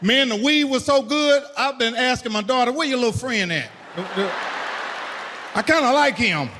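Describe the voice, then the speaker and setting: Animated high-voiced comedian man. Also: normal speed, in a large hall, a faint crowd, slight background noise. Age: middle-aged. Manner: animated storytelling, acting out voices. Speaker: stand-up comedian. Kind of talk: stand-up routine.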